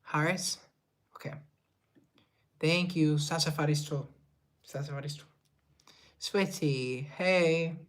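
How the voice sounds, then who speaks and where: A man's voice: fairly high pitch, slow pace, pauses often, fairly bright tone. A young man from Colombia chatting casually on a live stream, reading viewer comments and rambling in a self-deprecating way. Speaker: livestreamer and musician.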